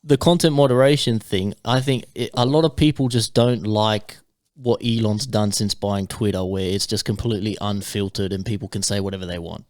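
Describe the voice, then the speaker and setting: A man's voice: fairly low pitch, steady tone, fairly quick, a little mellow, dry recording, clean studio sound. A man co-hosting a podcast, chatting casually, swearing often and ranting about the news. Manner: swearing, exasperated rants. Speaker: podcast co-host. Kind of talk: casual chat.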